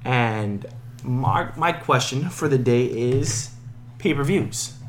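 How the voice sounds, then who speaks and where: A man's voice: mid-range voice, animated, slow, a little hiss or hum. A man co-hosting a casual wrestling chat, joking and stumbling over names as he talks. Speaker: podcast co-host.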